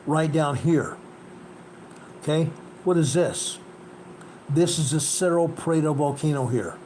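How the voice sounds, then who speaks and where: A man's voice: on the high side, takes it slowly, darkish tone, a little hiss or hum, rough recording. A man hosting an earthquake report, narrating over a map in an emphatic way and repeating key points. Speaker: host.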